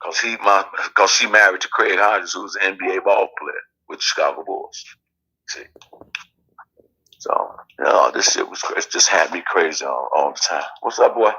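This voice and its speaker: Deep, husky man telling a heated story. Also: moderate pace, poor audio. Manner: animated storytelling, acting out quoted family. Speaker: guest. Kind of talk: candid personal story.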